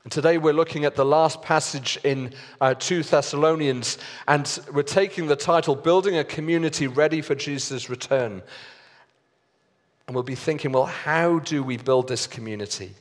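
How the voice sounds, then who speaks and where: A man preaching a sermon as pastor, earnest and deliberate with pauses and fillers. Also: fairly high pitch. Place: church hall. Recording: long reverb of a church hall.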